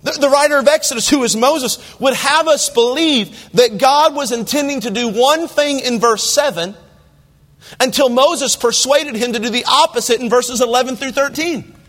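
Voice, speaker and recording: A pastor with a high-pitched male voice, a bit bright and at normal speed, delivers a sermon, reading scripture aloud in King James wording and shifting into casual, conversational asides where he asks the congregation direct questions. Long reverb trails after each phrase, like in a large church hall.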